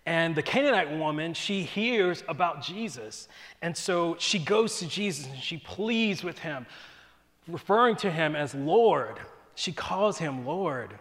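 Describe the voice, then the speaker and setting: Man, preacher, casual animated Bible teaching, fairly high voice, long hall reverb. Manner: casual and animated, often asks "right?".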